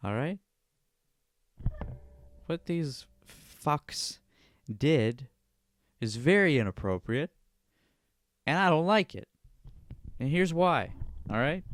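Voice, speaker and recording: A man's voice: medium pitch, dry recording, studio quality. A man hosting a solo podcast, ranting indignantly and swearing freely, often tossing in "all right?" as a tic. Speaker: podcast host. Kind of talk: solo podcast commentary rant.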